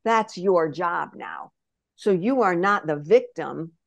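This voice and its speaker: Here a podcast guest who works as a spirit messenger turns her reading into a lively tale, voicing the quotes herself and frequently asking if the listener is following. Her lowish voice carries vocal fry and she goes slowly. The audio is close-miked and dry, with no room around it.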